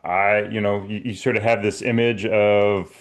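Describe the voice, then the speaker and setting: A man's voice: on the low side, flat delivery, moderate pace. A middle-aged man from Canada, a science fiction writer and guest on a roundtable, hesitant and self-deprecating. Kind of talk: casual roundtable chat.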